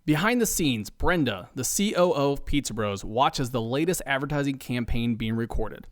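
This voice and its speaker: Man narrating a comic story, lively pitch. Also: normal speed, dry recording, studio quality. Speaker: podcast narrator. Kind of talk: scripted comedic narration.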